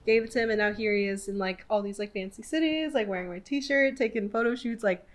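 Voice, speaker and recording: A woman in her twenties hosting a podcast, telling a story casually with lots of "like" fillers and animated quoting of people. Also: medium pitch, quick pace. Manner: chatty, filler-heavy with many "like"s. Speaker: podcast host.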